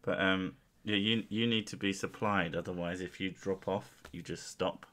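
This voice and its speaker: A man's voice: low voice, fairly even intonation, moderate pace, a bit bright. A man hosting a casual chat, teasing his co-host with dry, mock-exasperated humour. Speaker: podcast host.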